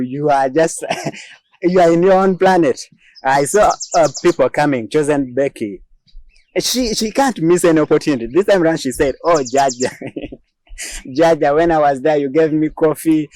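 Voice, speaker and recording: Man, Ugandan English accent, show host, casual joking commentary, medium pitch, dry recording. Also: a little mellow, dry recording. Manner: chatty and joking, laughs often, many fillers.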